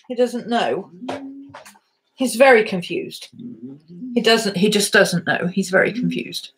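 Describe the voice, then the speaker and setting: A woman's voice: a little high, animated, measured pace, long pauses, slightly rough. A woman chatting casually on a home vlog, fondly telling a story about her rescue dogs. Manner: chatty, fond, talks baby-talk to her dogs. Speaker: vlogger. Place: home, indoors.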